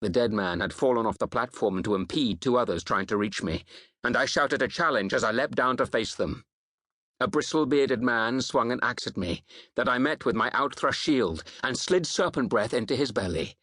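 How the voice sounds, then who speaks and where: A man reading a historical novel as a dramatic first-person audiobook narration, in a measured storytelling manner that slows on reflective passages. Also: mid-range voice, fairly bright tone, dry recording, clean studio sound.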